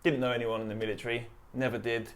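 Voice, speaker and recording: A man in his thirties from East London, with a London accent, a charity founder and army veteran telling his story in a relaxed, chatty way. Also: mid-range voice, quick pace. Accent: London English. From East London, England. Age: 30s. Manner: relaxed, chatty, laughs while retelling. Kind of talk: casual interview storytelling.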